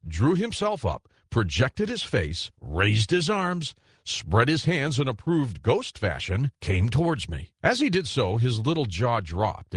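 A man reading a classic ghost story aloud as audiobook narration, telling it in a measured way and voicing the characters. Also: mid-range voice, husky, dry recording, clean studio sound.

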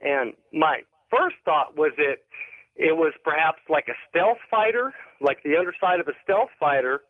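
A man's voice: fairly high pitch, expressive, moderate pace, dry recording. A man calling in to a radio show and telling a rambling story, hesitating often with ums and restarts. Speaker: caller. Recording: phone line.

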